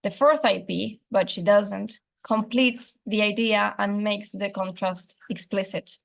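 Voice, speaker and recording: A young woman talks through her assignment in a measured, methodical way, as if from prepared notes. She explains point by point in the manner of a student presenting coursework. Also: medium pitch, steady tone, gravelly.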